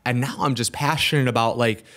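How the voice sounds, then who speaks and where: A man, a business owner, telling a story as a podcast guest in animated, quick bursts with frequent restarts. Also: medium pitch. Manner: animated, rushes through with restarts. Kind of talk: casual storytelling interview. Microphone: podcast studio mic.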